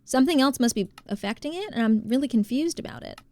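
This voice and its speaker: A woman from New Jersey, live streaming and chatting casually while she plays, reading out and thanking her chat, quick to exclaim. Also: high-pitched, lively intonation, a little mellow.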